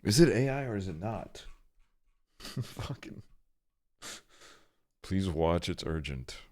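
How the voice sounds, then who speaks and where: A man with a very low voice reacts to videos on a live stream, cursing casually and laughing in disbelief. The sound is close and dry, with no room around it. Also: sing-song, normal speed, a little mellow, dry recording. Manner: profane, laughing, incredulous reactions. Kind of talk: livestream reaction commentary.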